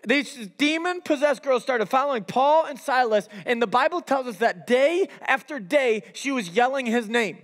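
A young man preaching to a youth group in a casual, animated way, peppered with "like" and "right?". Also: very high-pitched, moderate pace, hardly any pauses, long reverb tail. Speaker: youth pastor. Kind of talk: sermon.

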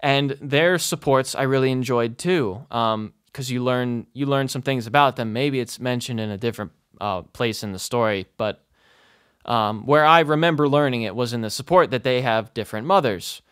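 A man's voice: mid-range voice, moderate pace, a bit bright, smooth, no room sound, clean studio sound. A man talking casually about a video game, swearing often and filling his talk with "like" and "you know". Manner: profane, lots of fillers; frequent laughing asides. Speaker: game reviewer. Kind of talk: casual spoken rant.

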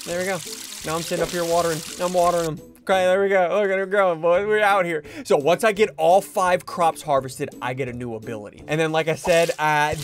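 A young man hosting a gaming video, giving excited, giggly commentary to his viewers as he plays. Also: fairly high pitch. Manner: hyped, giggly, talks to viewers while playing.

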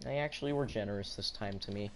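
A man's voice: lowish voice, fast, slight background noise. A man giving live gameplay commentary, ranting in frustration and answering chat.

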